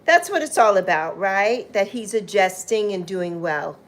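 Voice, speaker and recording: Slow-paced woman hosting a chatty livestream. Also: medium pitch, animated. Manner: warm, chatty, calls viewers "my love" and "honey". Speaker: livestream host. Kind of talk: casual livestream chat, greeting viewers.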